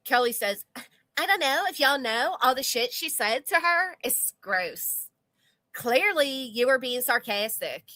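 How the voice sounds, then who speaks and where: Sarcastic lady streamer reading chat, bright voice, kinda high. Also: expressive, measured pace, no room sound. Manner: blunt, sarcastic, swears casually. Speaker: commentary channel host. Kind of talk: livestream commentary reading chat.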